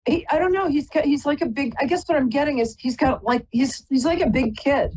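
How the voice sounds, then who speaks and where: A woman's voice: sits high, brisk, a little mellow, lo-fi sound. A woman hosting a live call-in psychic reading, chatty and rambling, often stopping to apologize. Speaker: psychic reader and host.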